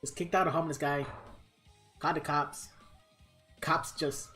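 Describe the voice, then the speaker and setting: A man's voice: fairly high pitch, level tone, unhurried, pushed and bright, soft background music. A man live streaming a game, telling a rambling story casually and laughing often as he acts out the people in it.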